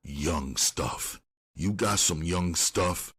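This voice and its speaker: A man's voice: deep voice, very slow, fairly bright tone, husky, dry recording, studio quality, exaggerated voice. A man doing a menacing brutal pimp. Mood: cold. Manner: curt, profane commands. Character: brutal adult male pimp, menacing and volatile.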